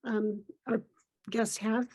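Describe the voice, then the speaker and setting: A woman's voice: on the high side, level tone, takes it slowly, darkish tone. A woman hosting a video call, inviting guests to ask their questions in a friendly way. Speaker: host.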